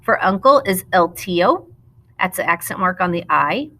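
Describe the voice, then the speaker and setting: Bright-voiced woman teaching a lesson. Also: fairly low pitch, animated. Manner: patient, explanatory, slows down to model Spanish words. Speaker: Spanish teacher. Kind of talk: recorded classroom lesson narration.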